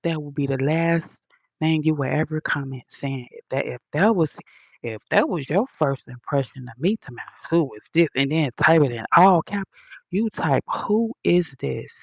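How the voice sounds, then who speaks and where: A woman's voice: deep voice, normal speed, no room sound, muffled recording. A woman hosting a livestream, answering comments in a blunt, profane, preachy rant full of slang.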